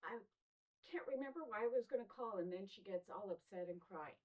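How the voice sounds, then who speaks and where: A woman in a workshop audience, softly asking the presenter a question. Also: mid-range voice, expressive, fairly quick, muffled recording.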